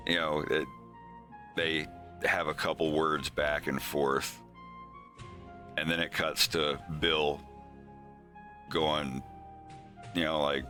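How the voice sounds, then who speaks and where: A man's voice: extremely low pitch, steady tone, slow, pauses often, bright, forceful tone, soft background music. A man hosting a casual animation progress stream, rambling with many restarts and casual swearing. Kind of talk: casual live-stream chat.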